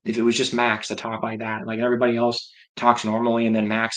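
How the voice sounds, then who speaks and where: A man's voice: mid-range voice, completely flat delivery, fast, few pauses, rough recording. A man hosting a livestream, chatting casually and rambling as he reacts aloud to viewer comments. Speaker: livestream host.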